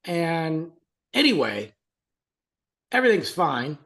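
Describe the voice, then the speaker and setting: A man co-hosting a relaxed podcast, telling an everyday story with lots of energy. His pitch jumps up when something amuses him, and he laughs often as he talks. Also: slow. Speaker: podcast co-host. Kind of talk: casual chat, telling a family story.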